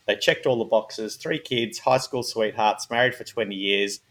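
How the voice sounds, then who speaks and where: A man's voice: on the low side, normal speed, fairly bright tone. A man hosting a casual true-crime chat, joking and laughing between case notes. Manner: jokey, laughs often, reads case notes. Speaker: podcast host.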